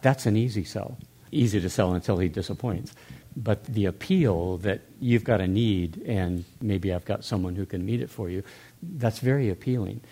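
A man's voice: lowish voice, normal speed, warm tone, slightly rough. An older man talking earnestly in a church discussion, musing aloud with restarts.

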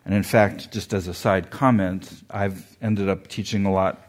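A man gives a relaxed, conversational sermon. His voice sits on the low side, and he pauses and restarts as he reasons aloud. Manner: thoughtful, conversational, with frequent restarts; animated when retelling the story. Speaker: preacher. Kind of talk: sermon-style Bible teaching.

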